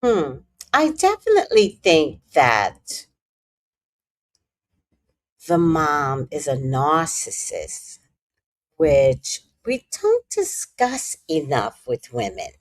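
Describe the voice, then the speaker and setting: A woman's voice: low-pitched, huge pitch swings, drawn-out words. A woman tarot reader giving casual gossip commentary, speculating and talking straight to her viewers.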